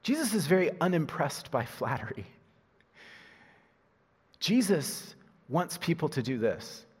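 A male pastor delivers a lively sermon with a slightly husky, breathy voice, jumping from loud emphatic lines to quiet, low asides. His voice rings out with the long reverb of a large hall. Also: unhurried. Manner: animated, swings from loud emphasis to hushed asides, laughs at himself.

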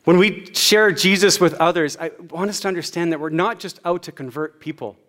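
A man's voice: a little high, a little fast, a bit bright. Storytelling male pastor preaching. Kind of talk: sermon.

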